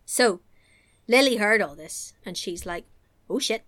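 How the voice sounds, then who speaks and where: A woman hosting a casual chat, recapping a story in an animated, joking way and laughing often. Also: mid-range voice, unhurried.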